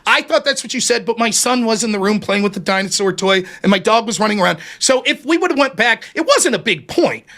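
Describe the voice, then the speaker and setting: A man's voice: high voice, expressive, brisk, hardly any pauses, bright, forceful tone. A man arguing in a heated online debate from his home streaming setup, defensive and profane, stumbling and restarting as he pushes his case. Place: home streaming setup under bright lights.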